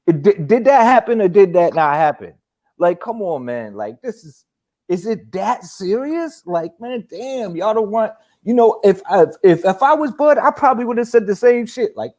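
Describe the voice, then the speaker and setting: A man hosting a casual boxing talk show, animated and profane, laughing often as he rants. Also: high voice, moderate pace. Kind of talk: casual chat.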